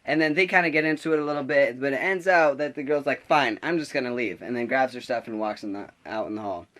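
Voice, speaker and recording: A teenage boy telling a story in a casual vlog, rambling and animated, full of restarts and filler words. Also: medium pitch, quick pace. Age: teens. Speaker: vlogger.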